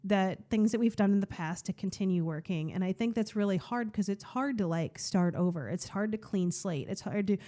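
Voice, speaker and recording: A woman's voice: medium pitch, normal speed, few pauses, dark tone. A woman podcast host in a candid, casual personal monologue, chatty and full of fillers and restarts.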